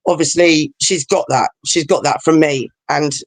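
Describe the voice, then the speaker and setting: A woman's voice: sits low, steady tone, normal speed, no room sound. A woman, chatting over a video call as a guest, rambling and emotional with many fillers.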